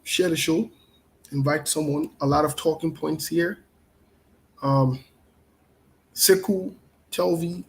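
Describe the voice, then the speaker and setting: A man's voice: a little high, low-quality recording. A man hosting a casual live stream, repeating himself often and greeting viewers by name. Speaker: show host.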